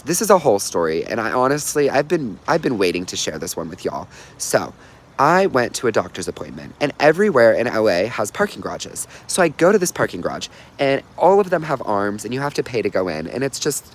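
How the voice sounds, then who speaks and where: A young man chatting casually on a livestream, bubbly and talkative, reading viewer comments and telling stories. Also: medium pitch. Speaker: livestream host.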